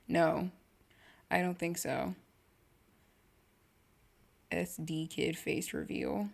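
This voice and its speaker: A young woman hosting a casual solo podcast, rambling and cutting herself off, with lots of slang and sudden bursts of excitement. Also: fairly low pitch, very slow, vocal fry, long pauses. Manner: rambling, self-interrupting, slangy and animated. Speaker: podcast host.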